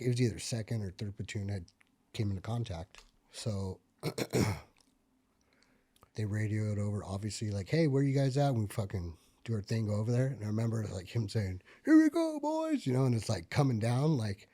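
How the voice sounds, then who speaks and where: A man, a military veteran, telling stories from his service in a casual podcast chat, full of fillers and swearing, and getting loud and animated at the tense parts. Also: lowish voice, normal speed, slightly rough. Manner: profane, filler-heavy, gets animated and loud when reliving tense moments. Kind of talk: casual conversational storytelling.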